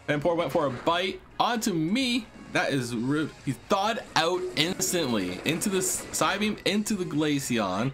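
A man hosting a video game let's play, excitable and slangy, cursing and talking to his viewers. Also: fairly high pitch, a little slow, hardly any pauses, soft background music. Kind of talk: casual gameplay commentary.

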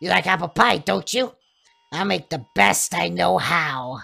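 A woman's voice: on the low side, expressive, unhurried, gravelly, pushed and bright, heavily acted. A woman voicing a frail, confused elderly mother in a horror game, in a quavering, fretful old-lady voice. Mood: doting.

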